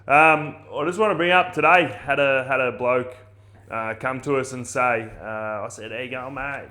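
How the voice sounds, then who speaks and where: Bright-voiced excitable Australian man host. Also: mid-range voice, moderate pace. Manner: excitable, laughs often, swears casually. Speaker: podcast host. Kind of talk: casual podcast chat.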